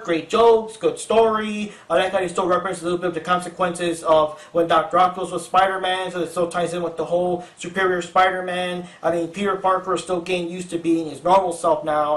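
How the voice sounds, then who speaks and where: A man's voice: high-pitched, steady tone, fairly quick, few pauses, fairly bright tone. A young man hosting a casual improvised comic book review, talking in a chatty, rambling, playful way. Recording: roomy echo, distant mic.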